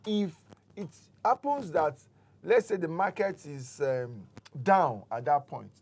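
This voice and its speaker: A man's voice: fairly high pitch, animated, takes it slowly, gravelly, darkish tone, husky. Man explaining property deals patiently. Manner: patient, explains step by step with examples. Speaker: real estate expert guest. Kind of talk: explanatory talk show chat.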